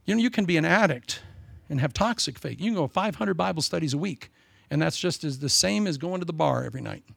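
Older man, sermon, folksy and humorous, gravelly higher voice, dry sound. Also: expressive, quick pace, no room sound. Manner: folksy, humorous, swings from loud to soft. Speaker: preacher.

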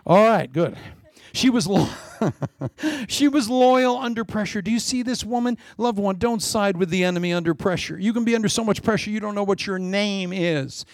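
A male preacher with a fairly high, gravelly voice that leaps all over the place as he jokes his way through a sermon. He swings from loud, laughing punchlines to hushed asides, all captured close and dry with no room sound. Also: normal speed, dry recording. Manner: animated, joking, often laughing, drops to soft asides. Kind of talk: lively comic sermon.

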